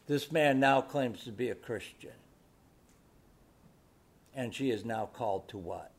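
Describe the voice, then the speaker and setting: A man preaching a sermon, moving between hushed storytelling and loud, emphatic exhortation full of rhetorical questions. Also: mid-range voice, measured pace, breathy edge. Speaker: pastor.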